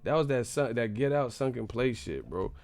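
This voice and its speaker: A young adult man hosting a boxing live stream, ranting in an animated, profane, rambling way. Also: mid-range voice, normal speed. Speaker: boxing channel host.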